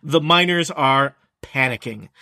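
A man's voice: mid-range voice, unhurried, vocal fry, pushed and bright, smooth. A man narrating as game master of a tabletop game, often hesitant and restarting his sentences. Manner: hesitant, many fillers and restarts.

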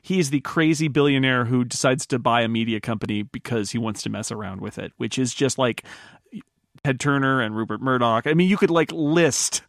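Gravelly-voiced man chatting on a podcast. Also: mid-range voice, dry recording, clean studio sound. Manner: chatty, reads listener emails, quick asides. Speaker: podcast co-host. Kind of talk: casual chat.

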